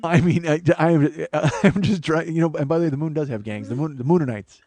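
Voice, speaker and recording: A man's voice: a little high, fairly quick, no echo. Profane man telling a story. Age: 40s. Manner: profane, animated storytelling that builds to loud mock pride. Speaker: comedian podcast host. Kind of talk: storytelling monologue.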